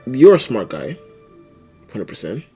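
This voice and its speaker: A young man streaming live, chatting casually and animatedly, with sudden loud outbursts and laughter between mumbled asides. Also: mid-range voice, sing-song, normal speed, soft background music. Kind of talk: casual livestream chat.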